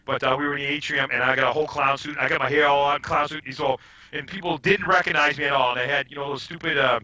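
Guy rambling through stories on a podcast, kinda high, really bright voice, muffled lo-fi sound. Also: quick pace. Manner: rambling, animated, trails off and restarts. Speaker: podcast guest. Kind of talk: casual storytelling chat. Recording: dull lo-fi audio.

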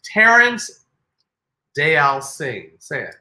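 Animated bright-voiced man in an echoey room. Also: on the high side, drawn-out words. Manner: animated, teasing, swears freely. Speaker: podcast co-host. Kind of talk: casual chat.

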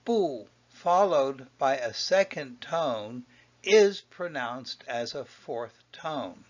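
A man teaching a language lesson, patiently explaining and repeating each example in a slow, explanatory way. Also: mid-range voice, expressive. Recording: dull lo-fi audio.

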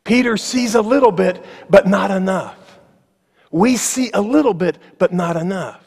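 Male pastor, sermon in a church sanctuary; higher voice, emphatic and slow on key lines, wry asides, long reverb. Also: darkish tone, breathy edge. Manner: emphatic, slowing on key phrases, with ironic asides.

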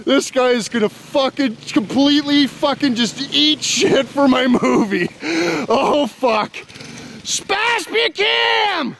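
A man's voice: extremely high pitch, unhurried, few pauses, slight background noise. A man filming his buddies outdoors on a handheld camera, swearing, laughing and cheering them on in rowdy casual commentary. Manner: profane, laughing, excitable, calls everyone "boys". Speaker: vlogger filming friends.

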